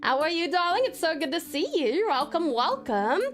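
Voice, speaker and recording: A woman's voice: very high voice, very animated, moderate pace. A woman streamer greeting her chat one by one in an affectionate, doting, bubbly way, with faint music behind. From Australia. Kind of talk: casual live-stream chat.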